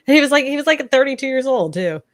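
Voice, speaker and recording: A woman's voice: sits high, quick pace, dry recording. A woman in her thirties co-hosting a casual chat, telling stories and acting out what people said. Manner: animated storyteller, acts out quotes. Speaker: real estate agent, co-host.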